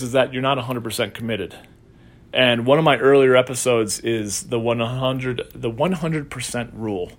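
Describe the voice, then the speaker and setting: Man hosting a casual solo podcast. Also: mid-range voice. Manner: conversational storytelling, acts out quoted voices. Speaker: podcast host and coach.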